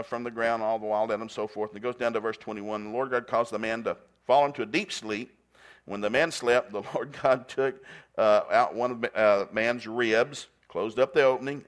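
A middle-aged man preaching a sermon, telling stories with humor and calling on the congregation to repeat after him. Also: on the low side. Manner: animated, playful storytelling with call-and-response. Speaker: pastor.

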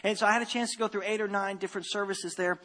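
A man preaching a sermon as pastor, animated and given to repeating his phrases and restarting sentences. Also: high voice, racing, in a large hall.

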